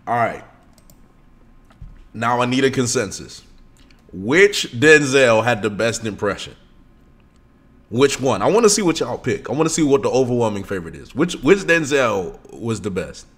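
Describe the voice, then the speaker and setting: A male streamer chatting loosely with his viewers, excitable and full of slang. His pitch swings around a lot as he talks. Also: moderate pace, pauses often. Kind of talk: casual live-stream chat.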